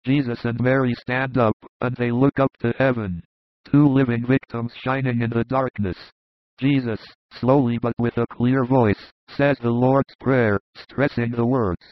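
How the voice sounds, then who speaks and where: Flat-voiced man reading a devotional text. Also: mid-range voice, dry recording. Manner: even, solemn, unhurried. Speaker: narrator. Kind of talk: audiobook reading of a devotional vision. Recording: dull dry close recording.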